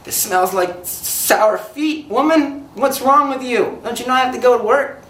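A man voicing an irate young husband who yells in exasperation at his wife. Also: very high-pitched, a little slow, roomy sound, recorded from a distance, voice pushed up. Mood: exasperated. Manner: exasperated, yelling. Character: irate young husband yelling about laundry.

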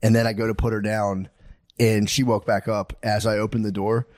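A male comedian co-hosting a podcast, chatting casually in a rambling, profane way and acting out quotes in animated voices. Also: on the low side, fairly quick.

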